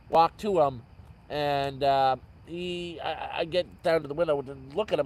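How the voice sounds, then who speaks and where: A man's voice: on the high side, moderate pace, darkish tone, low-quality recording. Rambling man telling stories outdoors. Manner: rambling, self-correcting storyteller. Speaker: vlogger living outdoors. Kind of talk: casual storytelling livestream. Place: outdoor camp at night by a fire.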